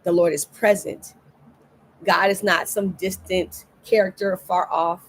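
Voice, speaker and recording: A woman's voice: on the low side, steady tone, unhurried, husky. A middle-aged woman pastor giving a livestreamed devotional sermon, earnest and repeating key phrases for emphasis. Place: indoors, recorded for a livestream.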